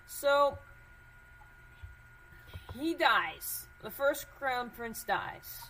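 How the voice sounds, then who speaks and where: Brief: woman podcast host, bright, thinks aloud with fillers, faint background noise. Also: high-pitched, lively intonation, extremely slow, pauses often, low-quality recording. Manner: thinks aloud, curious and suspicious, many fillers. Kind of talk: casual commentary while searching documents.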